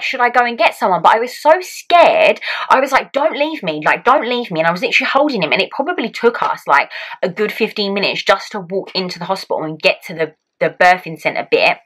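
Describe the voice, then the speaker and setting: A young woman casually telling a personal story to her vlog audience, in an animated way with many "like"s. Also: mid-range voice, rough recording. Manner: animated, heavy use of "like" as filler. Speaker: vlogger.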